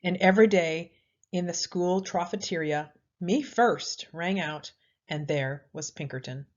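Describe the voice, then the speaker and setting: A woman reading a children's picture book aloud in a lively, expressive way. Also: fairly low pitch, normal speed. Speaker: storyteller. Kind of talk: children's story read-aloud. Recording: slightly dull lo-fi audio.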